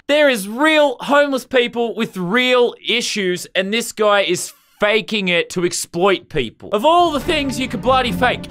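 Brash Australian man, lively high voice. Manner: brash, profane and excitable. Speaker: YouTuber. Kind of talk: comedic reaction commentary.

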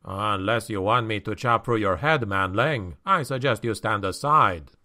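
A man voicing a surly, gruff male dwarf warrior who talks bluntly and scornfully. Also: lowish voice, unhurried, bright, forceful tone.

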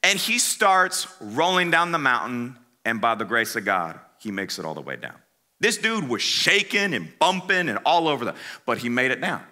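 A man speaking at a youth conference, telling a humorous story in casual slang, swinging from loud to hushed and talking straight to the crowd. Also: medium pitch, normal speed. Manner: animated, dramatic swings between loud and hushed.

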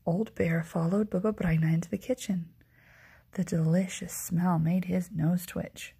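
A woman reading a children's story aloud in a hushed, gentle ASMR whisper. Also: lowish voice, steady tone, unhurried. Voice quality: breathy whisper.

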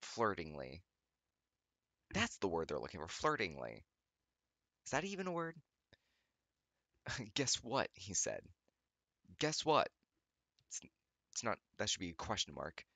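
A man's voice: deep voice, huge pitch swings, measured pace, creaky, pauses often, bright, forceful tone, no room sound. A young man reading fan fiction aloud, breaking off often with sarcastic remarks and laughter. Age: young adult. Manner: sarcastic, laughs often, stumbles over words. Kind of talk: reading aloud with mocking commentary.

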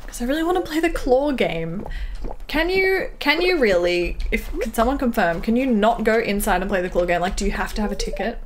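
A woman's voice: a little high, expressive, a little fast, noisy background. A young woman streaming a farming game, chatting and giggling as she reads out her viewers' messages. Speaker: livestreamer. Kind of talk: casual gameplay chat with viewers.

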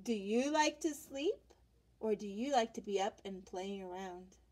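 A woman reading a picture book aloud to children, animated and stopping to ask them questions. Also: mid-range voice, a little slow.

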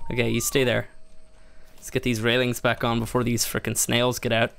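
A man's voice: completely flat delivery, moderate pace, vocal fry, fairly bright tone. A man commentating a survival game playthrough, talking himself through each step and getting exasperated when things go wrong. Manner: exasperated, self-narrating, laughing at mishaps; jumps much higher in pitch when upset. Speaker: gaming YouTuber. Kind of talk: let's play commentary.

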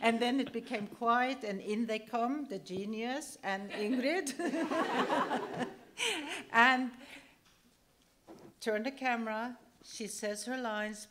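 A woman telling an anecdote on stage. She is animated and laughs her way through the story, often restarting her sentences. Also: mid-range voice, takes it slowly.

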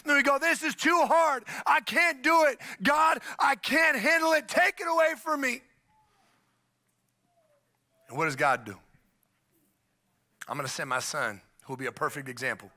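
A pastor in full sermon mode, his voice sitting high and ringing bright and forceful. He swings between loud emphatic bursts and hushed, serious stretches, acting out the people he quotes. A middle-aged man, driving his point home to the congregation.

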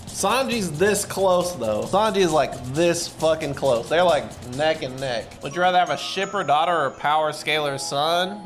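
A high-pitched male streamer reacts live in a loose, casual way. He swears constantly and bursts into sudden excited shouts. Faint music plays under his voice. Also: moderate pace.

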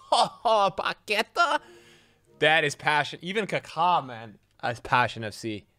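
A young adult man giving live commentary over his own video game matches, excitable, jumping from loud yelps to low muttering. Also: a little slow, dry recording. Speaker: gaming video creator.

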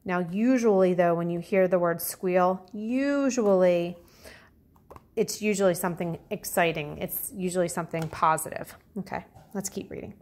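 A woman kindergarten teacher reading a picture book aloud to young children, talking clearly and encouragingly. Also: fairly low pitch, moderate pace, a little mellow. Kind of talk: storybook read-aloud lesson for children.

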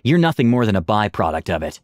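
A man doing a silky-voiced lizard-folk gentleman. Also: on the low side, very animated, no echo, clean studio sound. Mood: scornful. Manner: measured, composed. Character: cold, calm male lizard-folk gentleman.

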